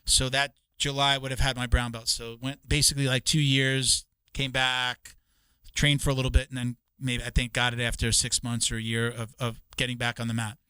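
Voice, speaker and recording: Bright, crisp-voiced man on a podcast. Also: mid-range voice, little pitch movement, brisk, no room sound. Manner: rambling, profane, with many restarts. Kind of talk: casual podcast chat.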